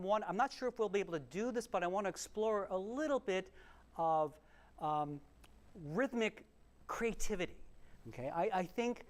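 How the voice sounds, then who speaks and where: A man teaching a remote piano masterclass, encouraging and animated, with quick restarts and sung rhythms. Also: high voice. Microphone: remote livestream mic.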